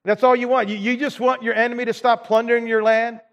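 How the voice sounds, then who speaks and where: A preacher voicing an exasperated old prophet. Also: male voice, extremely high pitch, flat delivery, fast talker, dull audio, pitched above the performer's own voice. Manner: loud, exasperated, repeating himself. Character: angry old prophet scolding a king. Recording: reverberant church hall.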